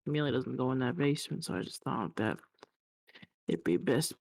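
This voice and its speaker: A woman's voice: a bass voice, expressive, fairly quick, vocal fry, darkish tone, pitched below the performer's own voice, full character voice. A woman voicing a tired, bitter servant woman who speaks bluntly and hesitantly in a tabletop game.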